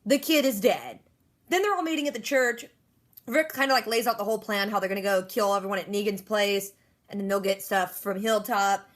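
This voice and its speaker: Chatty fast-talking woman recapping TV. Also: medium pitch, fairly bright tone. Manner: rapid, chatty, sarcastic asides. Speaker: TV episode recap vlogger. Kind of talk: casual fast-paced episode recap.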